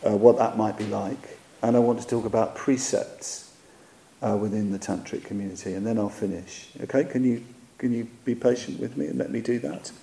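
A man giving a dharma talk, reflective and measured, often pausing on fillers while he searches for words. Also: fairly low pitch, creaky, mellow. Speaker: Buddhist teacher. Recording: echoey hall.

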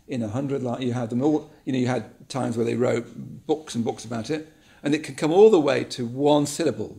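Gravelly-voiced man musing in a talk. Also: mid-range voice, mellow. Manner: musing, repeats words, many ums. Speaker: speaker giving a talk. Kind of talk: reflective spoken talk.

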